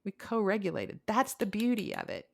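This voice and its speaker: A middle-aged woman, a couples counselor hosting a podcast, telling stories in a candid, animated way. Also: mid-range voice, moderate pace, gravelly. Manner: animated storyteller, candid and expressive. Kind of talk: casual conversational podcast.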